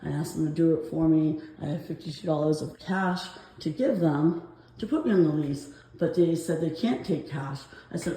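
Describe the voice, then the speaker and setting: Breathless, anxious woman vlogging on her phone; mellow tone, roomy echo. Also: low-pitched, normal speed. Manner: rambling, anxious, with nervous laughs. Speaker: vlogger filming her apartment complaints. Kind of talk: casual walking vlog.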